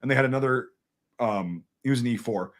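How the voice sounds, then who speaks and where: A man's voice: medium pitch, fairly quick. A man from Wisconsin with a mid-range voice tells an old service story to friends in a loose chat. He swears a lot and bounces into the voices of the people he quotes. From Wisconsin, USA. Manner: profane, animated, acts out quoted dialogue. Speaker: military veteran telling a war story.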